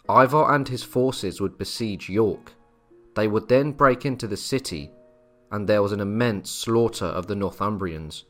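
A man with a lowish voice tells a historical story in a measured, scripted way. Soft music plays quietly behind him. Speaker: history narrator. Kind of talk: scripted narration.

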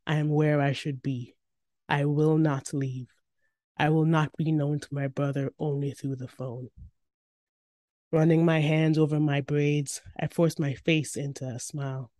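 A woman narrating a first-person story in an expressive, tense reading. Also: low voice, no room sound, clean studio sound.

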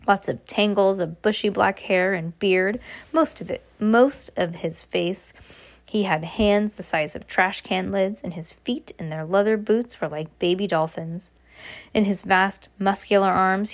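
A woman reading a novel aloud in a steady manner, with occasional restarts. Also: mid-range voice. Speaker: reader.

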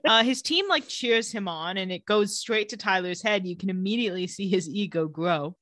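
A woman's voice: mid-range voice, moderate pace, a bit bright, no room sound, clean studio sound. Wry, chatty woman recapping a show. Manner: chatty, wry, acts out quotes. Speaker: podcast co-host. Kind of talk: casual TV episode recap chat.

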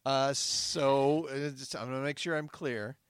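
A man's voice: medium pitch, fairly even intonation, unhurried, clear, resonant tone, no room sound, clean studio sound. A man co-hosting an improvised comedy podcast, eager and flustered with frequent giggles. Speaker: co-host.

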